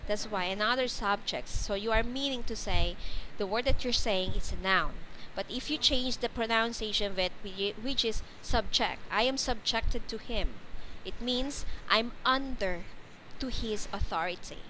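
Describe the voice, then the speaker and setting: A woman's voice: medium pitch, normal speed, bright, forceful tone, slight background noise, low-quality recording. A woman teacher giving a one-to-one English pronunciation lesson, patiently modeling and correcting words.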